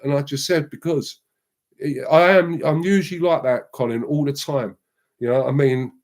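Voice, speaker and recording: A middle-aged man, a show guest rambling through slangy, lively anecdotes in casual chat. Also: a little high, normal speed.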